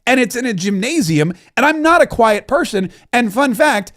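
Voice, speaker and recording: A middle-aged man hosting a podcast, telling anecdotes in casual commentary and laughing out loud as he acts out what people said. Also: extremely high pitch, animated, moderate pace. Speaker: podcast host.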